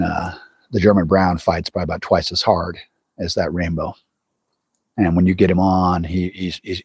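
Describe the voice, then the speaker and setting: A man's voice: low-pitched, husky, no room sound, clean studio sound. A man hosting a fishing livestream from a lake, chatting casually and rambling with folksy restarts. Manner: rambling and folksy, restarts words, speaks directly to viewers. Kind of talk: casual live chat while fishing. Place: lake outdoors.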